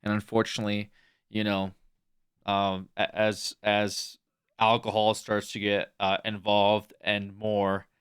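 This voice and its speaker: A man's voice: lowish voice, monotone, takes it slowly, a bit bright, clear, resonant tone. A young adult man chatting casually on a livestream, rambling with lots of fillers. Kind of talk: casual stream chat.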